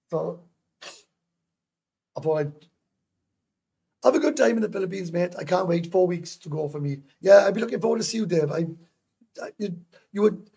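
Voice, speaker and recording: A man's voice: high voice, creaky, darkish tone, slightly rough. A middle-aged Welsh man hosting a casual livestream, rambling bluntly, swearing and answering viewers' comments. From Wales. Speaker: livestream host. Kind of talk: casual live-stream rant.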